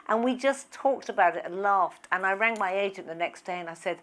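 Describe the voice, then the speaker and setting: A woman's voice: mid-range voice, a little fast, fairly bright tone. A woman speaking as a guest on stage in front of an audience, chatting casually with humorous asides and self-deprecating remarks. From England. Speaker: guest speaker, retail expert and author. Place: conference room with live audience. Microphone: handheld or lapel mic.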